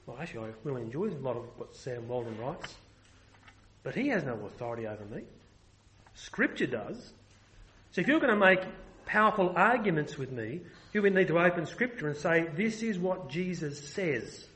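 Male preacher, high-pitched, emphatic sermon delivery with frequent restarts. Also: big pitch swings, fairly quick, fairly bright tone, poor audio.

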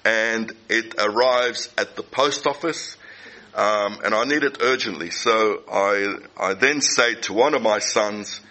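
Lower-voiced man preaching a forceful sermon. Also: low-quality recording. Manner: deliberate, repeats key phrases for emphasis.

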